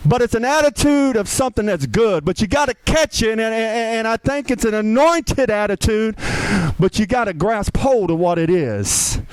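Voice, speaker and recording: A man preaching a lively, conversational sermon as pastor, asking the congregation questions. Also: high-pitched, moderate pace, smooth, no echo, low-quality recording.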